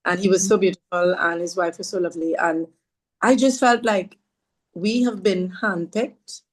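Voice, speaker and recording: Speaking at a normal pace in a lowish, fairly even voice, this Trinidadian woman shares a heartfelt story of her own on a podcast. She is earnest and devout, warmly discussing her faith and repeating phrases to stress them.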